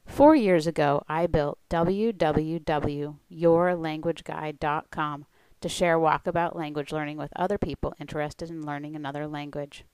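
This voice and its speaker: A woman who coaches language learners, giving a scripted presentation in a clear, steady way. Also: deep voice, normal speed, few pauses, dry recording, poor audio. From United States.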